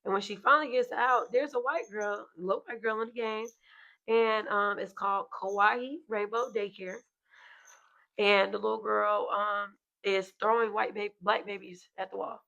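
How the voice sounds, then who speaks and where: Telling a story on the podcast she co-hosts, this mother chats casually, curses freely and animatedly voices what other people said. Her mid-range voice is creaky and moves at a normal speed, and the sound quality is lo-fi.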